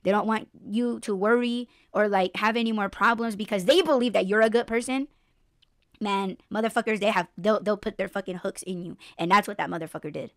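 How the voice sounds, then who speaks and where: A woman's voice: medium pitch, fairly quick, no room sound, studio quality. Blunt, profane woman podcast host. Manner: blunt, profane, animated storytelling with mock voices. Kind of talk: casual chat.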